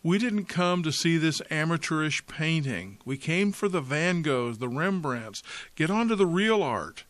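Impatient angry bidder, played by a man, scornful shouts, raised pitch. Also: expressive, a little slow, no echo.

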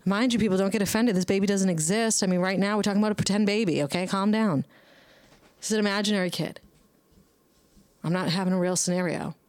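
A woman's voice: medium pitch, fast talker, a little mellow, dry recording. A young woman hosting a casual monologue who rambles bluntly, swears heavily and scolds herself by name. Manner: talks back to herself by name. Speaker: podcast host.

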